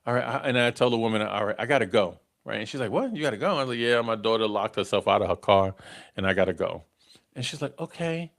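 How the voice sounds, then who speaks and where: The voice is lowish, expressive, fast, creaky and a bit bright, belonging to a middle-aged man hosting a live dating podcast. Conversational in style, he keeps adding "right?" and chuckles at the stories he tells.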